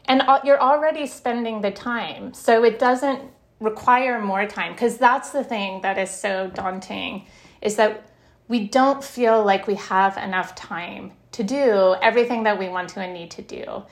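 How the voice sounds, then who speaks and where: A middle-aged woman who writes about happiness, talking as an interview guest. She is animated, tells stories with bits of laughter, and says "like" a lot. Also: mid-range voice, a little slow. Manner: animated, laughs while telling stories, lots of "like". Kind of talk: conversational interview.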